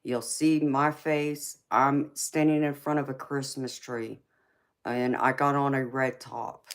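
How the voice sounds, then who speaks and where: A woman's voice: very deep voice, flat delivery, slow. A woman hosting a tarot live stream, chatting casually with viewers, often teasing and calling them honey, baby and sweetheart.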